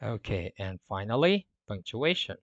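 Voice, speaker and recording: A man's voice: fairly low pitch, big pitch swings, normal speed, fairly bright tone, no room sound. A man teaching an English lesson in a loose, casual way, full of fillers and self-corrections. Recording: dull, dry lo-fi sound.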